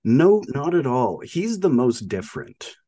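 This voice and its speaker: Male podcast co-host, slightly husky, animated and rambling, restarts a lot, dry room. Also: medium pitch, no room sound. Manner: halting, many restarts and fillers, laughs often. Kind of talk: casual film discussion.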